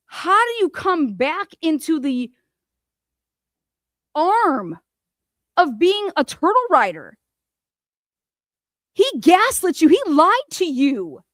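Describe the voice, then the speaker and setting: A heated, profane rant about a court case comes from a high-voiced woman hosting commentary. Angry and confrontational, she fires rhetorical questions at the people she means, in a dry recording that sounds close with little room sound.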